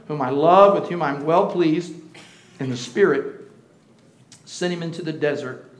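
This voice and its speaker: A man preaching a sermon as pastor, swinging between hushed asides and shouted declarations. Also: on the high side. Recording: roomy church echo.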